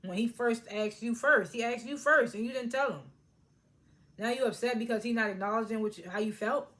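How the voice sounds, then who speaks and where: A woman hosting a casual recap of a reality TV episode, talking in an excitable, slangy way and often restarting her sentences. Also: fairly high pitch, a little fast. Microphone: tablet propped on a charger.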